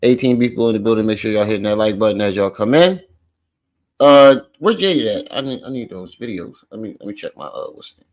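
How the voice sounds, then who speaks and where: A man hosting a casual livestream, loud, profane and teasing as he jokes with the chat. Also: fairly low pitch, lively intonation, brisk. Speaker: livestream host.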